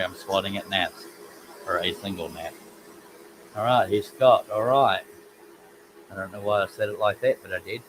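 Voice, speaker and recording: A man's voice: fairly low pitch, a little hiss or hum, rough recording. A man hosting a casual woodworking live stream, rambling in a self-deprecating way and reading chat comments aloud from his home workshop.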